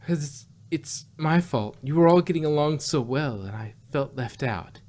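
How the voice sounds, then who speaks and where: A sweet young pony filly from a cartoon, as a man reads her out, begging breathlessly with her voice pushed well up. The pitch keeps rising as she pleads. Underneath the sugar she sounds secretly sly. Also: animated, moderate pace, darkish tone, close to an everyday voice. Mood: pleading.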